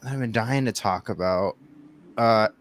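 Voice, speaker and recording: Low-voiced man, relaxed opinionated guest. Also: unhurried. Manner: relaxed, opinionated, hesitant with fillers. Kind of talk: casual chat.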